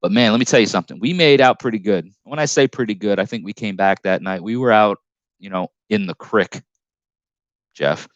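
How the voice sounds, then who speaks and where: Northern US man, lowish voice, rambling live-stream storyteller, dull dry headset sound. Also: a little fast, no room sound. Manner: rambling storytelling with many restarts and self-corrections. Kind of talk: casual live stream chat.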